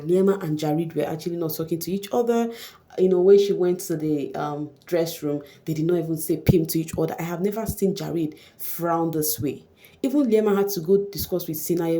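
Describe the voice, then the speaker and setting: Chatty woman, low mellow voice. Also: brisk. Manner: chatty, animated, exclaiming. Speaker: vlogger recapping a reality show. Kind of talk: casual gossip commentary.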